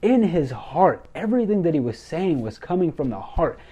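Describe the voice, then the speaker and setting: A young man excitedly recapping a wrestling show, gushing and repeating himself as he goes. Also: a little high, normal speed, breathy edge. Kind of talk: enthusiastic recap commentary.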